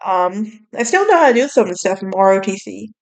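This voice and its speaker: A young woman with a Southern US accent hosts a podcast in relaxed, gossipy chat. She talks in a sassy, bubbly way and scatters fillers through her sentences. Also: medium pitch, fairly quick. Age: young adult. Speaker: podcast host. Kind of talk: casual chat.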